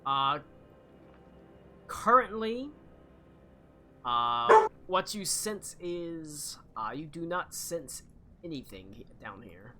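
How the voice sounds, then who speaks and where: A man narrating a tabletop game as game master, slow and halting with many fillers. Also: fairly high pitch, very animated, over music.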